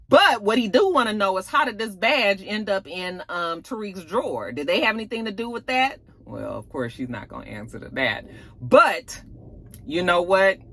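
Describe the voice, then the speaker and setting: A woman's voice: mid-range voice, fairly bright tone, no echo. A woman recapping a TV episode in a sassy, casual way, full of fillers and asides. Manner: chatty and sassy, with plenty of fillers. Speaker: TV recap vlogger.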